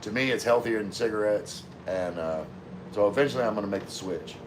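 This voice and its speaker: A man's voice: fairly low pitch, a little fast, background noise. A middle-aged man hosting a casual livestream, answering viewer comments in a laid-back way with lots of fillers. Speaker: livestream host reading chat.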